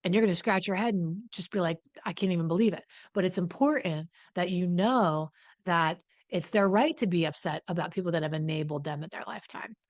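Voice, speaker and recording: A woman's voice: fairly low pitch, fairly quick, no room sound. A woman hosting an advice talk on addiction recovery, speaking bluntly and emphatically with frequent swearing. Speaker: host, addiction recovery coach. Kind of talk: direct-to-camera advice talk.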